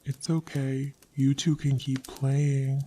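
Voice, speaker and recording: A woman voicing a soft-spoken, creepy young man in a narrated horror story, speaking in a quiet, hushed voice. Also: very deep voice, little pitch movement, slow pace, slight background noise, voice pushed down. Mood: soft, unsettling.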